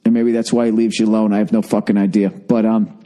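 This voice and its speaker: A man's voice: fairly low pitch, level tone, fast talker, warm tone. Profane, ranting middle-aged man. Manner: profane, exasperated, comic ranting. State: overfull and thirsty. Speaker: podcast host. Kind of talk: rambling solo podcast monologue.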